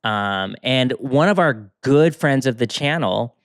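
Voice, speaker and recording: A man's voice: mid-range voice, slow, smooth, no room sound. Chatty man telling stories, dry sound. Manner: animated storyteller, quotes people often. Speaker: podcast co-host. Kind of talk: casual chat.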